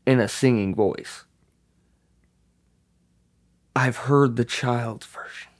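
A young man in casual podcast chat, rambling and swearing in quick bursts. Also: medium pitch. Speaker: podcast co-host.

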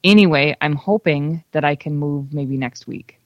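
A woman's voice: low voice, normal speed, no room sound. An upbeat woman co-host talks casually, often trailing off mid-thought. Her voice sounds dry and close, and the audio is slightly dull. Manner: chatty, upbeat, trailing sentences. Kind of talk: casual chat.

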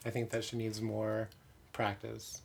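A man's voice: lowish voice, monotone, a little slow, gravelly, a little hiss or hum. A man who performs in drag, chatting candidly in an interview with many "like" fillers and self-mocking asides. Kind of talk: casual interview chat.

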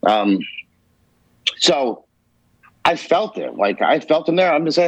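A man's voice: a little high, very animated, a little slow, fairly bright tone, dry recording. A man telling a rambling, emphatic personal story on a podcast, swearing freely. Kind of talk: casual storytelling. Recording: dull, lo-fi podcast audio.

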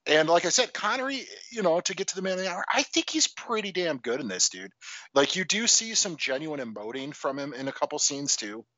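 Man, casual film chat, lively pitch, bright voice, dry dull recording. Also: a little fast, no echo. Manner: animated, swears freely, laughs often.

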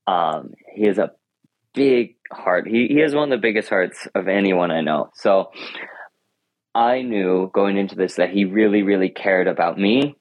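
A teenage boy, a high school runner, answers interview questions in a low, earnest, reflective voice, speaking a little slowly and restarting his sentences often. The sound is dull and lo-fi, with no echo.

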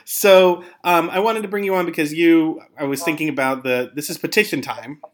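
A man's voice: on the high side, steady tone, moderate pace. A man hosting a podcast, chatting casually with fillers and a rambling manner. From Pennsylvania. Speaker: podcast host. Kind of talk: casual interview chat.

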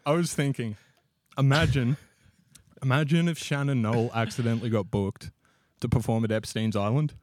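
A man's voice: medium pitch, fairly even intonation, moderate pace, darkish tone, dry recording, clean studio sound. An Australian man co-hosting a podcast, telling rambling jokes and laughing often in casual chat. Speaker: podcast co-host.

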